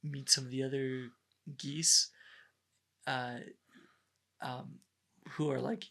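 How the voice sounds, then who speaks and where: Male podcast co-host, unhurried delivery, bright timbre, agreeable and chatty. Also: mid-range voice, level tone, gravelly. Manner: agreeable, lots of quick affirmations and laughs. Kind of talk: casual chat.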